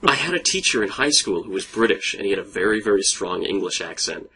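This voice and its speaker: A young man co-hosts a casual podcast, laughing often and cursing offhandedly. His voice sits low, with a husky, gravelly fry running through it. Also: expressive, quick pace, bright, forceful tone. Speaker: podcast co-host. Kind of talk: casual chat.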